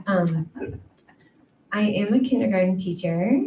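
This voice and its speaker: A young woman doing a stand-up set, talking slowly and loosely, filling her pauses with "um" and "like." Her voice sits a bit back from the mic in an echoey room with faint noise underneath. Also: medium pitch, darkish tone, recorded from a distance. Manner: chatty, self-deprecating, many ums and likes. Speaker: stand-up comedian.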